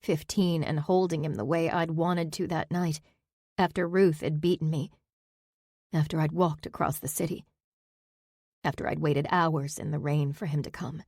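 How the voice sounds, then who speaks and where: A woman's voice: low voice, steady tone, moderate pace, a little mellow, dry recording. A woman narrating a first-person fantasy audiobook with intimate, emotional storytelling on a close studio mic.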